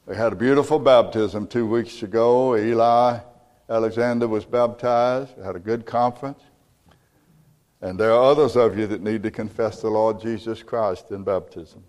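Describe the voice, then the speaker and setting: A man preaching a sermon as pastor, emphatic and building to loud peaks. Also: on the low side, steady tone, normal speed, in a large hall. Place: church.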